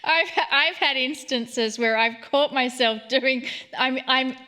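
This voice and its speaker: A woman's voice: sits high, slow. A woman hosting an interview, encouraging and full of praise for her guest. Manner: warm and encouraging, gushing praise. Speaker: host. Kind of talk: interview talk.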